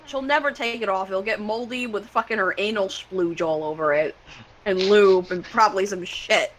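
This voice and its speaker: A woman's voice: mid-range voice, moderate pace, a little hiss or hum, rough recording. A woman co-hosting a film riff, making crude, mocking jokes in casual chat. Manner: crude, joking. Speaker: co-host.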